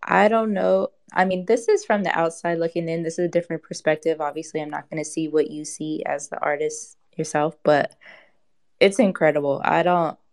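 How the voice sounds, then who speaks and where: A woman's voice: low-pitched, steady tone, normal speed, darkish tone. A woman in a casual online chat, talking in a supportive, earnest, everyday way.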